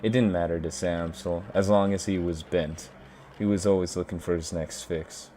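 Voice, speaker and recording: A man's voice: deep voice, fairly even intonation, normal speed, dark tone, a little hiss or hum, lightly acted. A man voicing a composed, guarded but playful woman who runs a bar, read aloud from a game.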